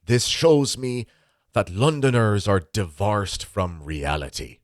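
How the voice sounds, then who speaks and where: A man doing an impression of an old Irish priest, with an Irish accent, delivering a slow, preachy sermon. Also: on the low side, very animated, no echo, studio quality, pitched above the performer's own voice. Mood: preaching. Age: older.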